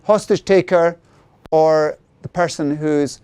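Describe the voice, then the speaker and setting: A middle-aged man presenting a sales workshop who keeps checking in with the audience through quick tag questions. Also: on the high side, fairly even intonation, darkish tone, clean tone. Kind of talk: interactive seminar talk.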